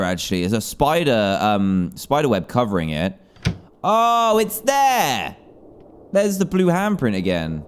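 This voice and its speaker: Excitable young man playing horror game. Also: medium pitch, clear, resonant tone. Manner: excitable, jumpy, yelps and panics at scares. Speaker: gaming YouTuber.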